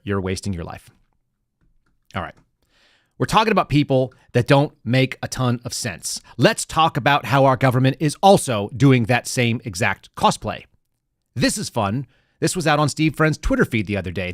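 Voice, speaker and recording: A male podcast host delivers casual, sardonic commentary that rambles from point to point. His voice sits in a middle range. The close mic sounds dry, with no room echo. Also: medium pitch.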